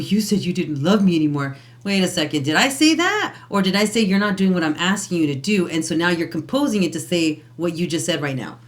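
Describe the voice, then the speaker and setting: Low-voiced woman telling lively stories. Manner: animated storyteller, acts out voices, laughs. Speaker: podcast co-host. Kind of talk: casual relationship talk.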